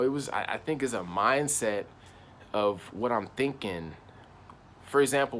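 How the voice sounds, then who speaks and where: A young man with a mid-range, fairly bright voice casually tells a personal story in slangy, rambling speech, with a little hiss or hum in the audio. As a channel host, he circles back on himself and keeps repeating "I was like."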